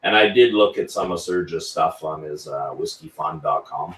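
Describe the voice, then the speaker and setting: A man's voice: extremely low pitch, moderate pace, a bit bright, recorded from a distance, a little hiss or hum. A man hosting a casual live chat about whisky, reading out viewer comments as he goes. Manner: chatty, reads out viewer comments. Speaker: whisky channel host. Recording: roomy sound, set back from the mic.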